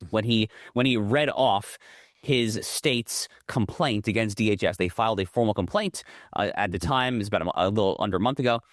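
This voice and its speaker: A man speaks as a guest in a political interview, pressing his case with emphatic, fluent argument. His voice sits a little low, and the sound is dry and close with no room around it. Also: no room sound. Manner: emphatic, fluent argument with frequent self-repeats. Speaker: guest, lawyer and commentator.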